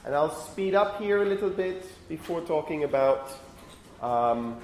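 In an echoey lecture hall with faint room noise, a university lecturer teaches phonetics, his voice a little high, animated, and slightly mellow at a measured pace. He keeps checking in with "okay?" and turns stern when students chat.

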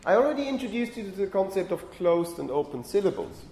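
A male university lecturer with a fairly high, mellow voice that swings up and down a great deal as he explains. He often stops to correct himself and checks in with the class. The room is echoey, with faint noise behind him. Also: fast talker. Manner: lively, self-correcting, frequent "okay?" checks. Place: lecture hall. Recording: roomy lecture hall echo.

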